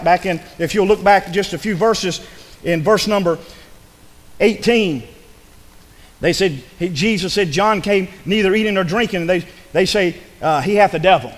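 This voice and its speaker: Preacher man with a lively, high voice. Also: big-room sound. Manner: swings from loud preaching to hushed tones. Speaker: pastor. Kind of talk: sermon. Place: church.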